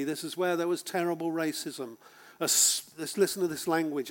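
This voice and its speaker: A man preaching a sermon to a congregation, emphatic, with dramatic pauses and rhetorical questions. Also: on the high side. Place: speaking to a congregation.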